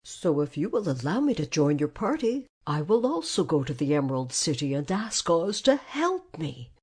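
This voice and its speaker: A woman's voice: low-pitched, very animated, moderate pace, darkish tone, slightly rough, pitched below the performer's own voice, heavily acted. A woman doing a polite, plaintive tin man. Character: polite, grateful male man of tin, rusted stiff. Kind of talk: storybook reading.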